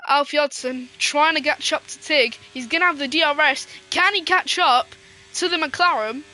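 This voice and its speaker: A woman giving casual, excitable live sim racing commentary, giggling and swearing as she banters. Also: high-pitched, normal speed, soft background music.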